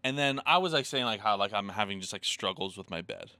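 Guy in his 30s on a podcast, rambly and sweary, bright crisp voice, dry close sound. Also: fairly low pitch, no room sound. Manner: rambling, profane, fast storytelling with many "like"s. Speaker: podcast co-host. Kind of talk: casual chat.

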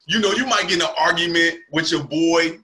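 Bright-voiced laughing male comic. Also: a little high, brisk. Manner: laughs often, loose slangy storytelling. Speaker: comedian and podcast host. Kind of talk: casual chat.

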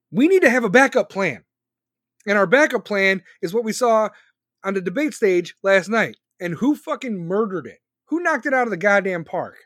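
A man in his forties with a fairly high voice, rambling bluntly through a profane political rant. The sound is dry and close, with no room around it. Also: fairly bright tone, no room sound. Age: 40s. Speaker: podcast host.

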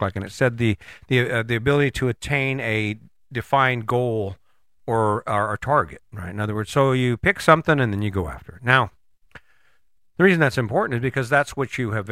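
Male host, bright forceful voice, dry close sound; loose, rambling motivational talk full of restarts. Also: lowish voice, dry recording. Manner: conversational, rambling, frequent restarts. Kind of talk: motivational monologue.

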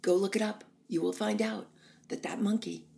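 Gravelly-voiced woman with a chatty comic monologue. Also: mid-range voice, fairly even intonation, moderate pace, mellow. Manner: chatty, emphatic, rambling. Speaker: host.

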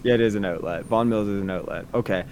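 A man's voice: fairly low pitch, fast, slight background noise. A man co-hosting a podcast, telling casual stories with lots of swearing and acting out other people's lines. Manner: animated storyteller, swears freely, acts out voices. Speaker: podcast co-host. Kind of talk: casual chat.

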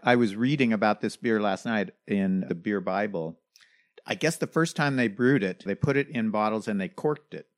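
Low-voiced man asking questions. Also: normal speed. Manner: inquisitive, checks facts with his partner. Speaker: podcast co-host. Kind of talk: casual beer chat.

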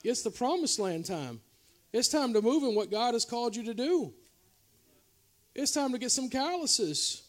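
A man with a very high-pitched voice preaches a revival sermon. He moves between loud, urgent exhortation and soft, confiding asides, talking straight to the congregation like a pastor among friends. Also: sing-song, moderate pace. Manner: preaching with shifting loudness, from shouting highs to quiet confessional lows. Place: church revival service.

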